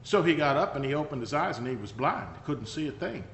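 A man's voice: on the high side, animated, fast, a bit bright, a little hiss or hum. A man preaching a sermon, telling the story in a conversational, emphatic way with wry asides. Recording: echoey hall reverb.

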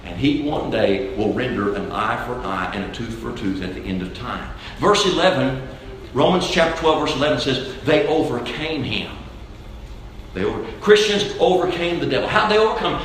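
A man's voice: a little high, fairly bright tone, a little hiss or hum. A man preaching a sermon with emphasis, repeating key phrases to drive them home. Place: church sanctuary. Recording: very echoey church hall.

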